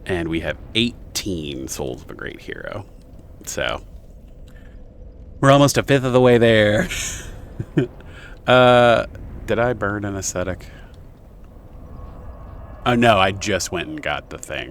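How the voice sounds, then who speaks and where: A man's voice: lowish voice, big pitch swings, takes it slowly, long pauses, a bit bright, slight background noise. A young man streaming a video game, rambling casually with lots of fillers and self-corrections. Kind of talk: casual gameplay commentary.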